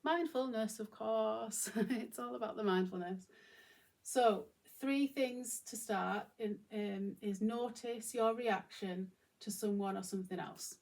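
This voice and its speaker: Gravelly-voiced mum musing aloud. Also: female voice, medium pitch, a little slow, a little mellow. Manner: musing, informal, many fillers and restarts. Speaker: channel host. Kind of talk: reflective solo talk to camera.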